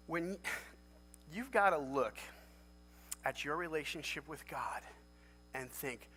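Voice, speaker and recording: A man preaching a sermon as pastor, emphatic and animated, jumping to loud high lifts for emphasis. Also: moderate pace. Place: large church sanctuary. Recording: long church hall reverb.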